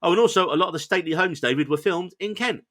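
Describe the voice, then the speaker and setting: An enthusiastic male podcast host with a bright voice, talking through a show he enjoyed in easy, chatty review mode. He is playful and quick to poke fun at himself. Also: sits high. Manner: enthusiastic, chatty, self-deprecating. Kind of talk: casual review chat.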